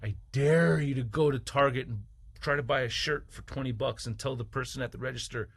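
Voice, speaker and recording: A man's voice: medium pitch, animated, normal speed, fairly bright tone, breathy edge. A man reviewing toys in a heated, profane opinion rant with sarcastic jabs. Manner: mocking, sarcastic asides. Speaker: toy reviewer. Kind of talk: ranting opinion vlog.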